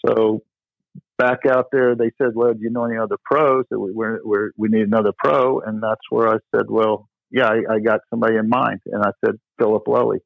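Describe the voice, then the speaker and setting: A man's voice: on the low side, flat delivery, brisk, gravelly, dry recording. A middle-aged man, a tennis pro, tells stories in a casual interview, rambling with lots of "you know" and restarts. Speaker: tennis pro, podcast guest. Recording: dry, tinny phone-like line.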